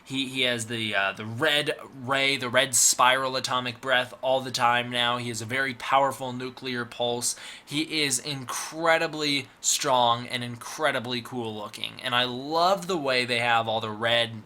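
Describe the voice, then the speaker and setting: A man's voice: mid-range voice, steady tone, a little slow, hardly any pauses, bright, forceful tone. A young man giving a rambling, enthusiastic film review monologue full of restarts and repeats. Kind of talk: casual video review monologue.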